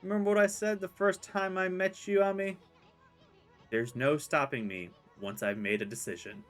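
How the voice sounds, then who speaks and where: A man voicing a tiny, excitable male sprite companion in a squeaky, gleeful voice. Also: normal speed, faint music behind. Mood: cocky.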